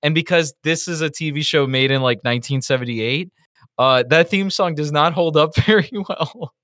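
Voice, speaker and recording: A man co-hosting a casual review podcast, telling stories in an animated, profane way. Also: on the high side, normal speed, no room sound, clean studio sound. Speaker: podcast co-host.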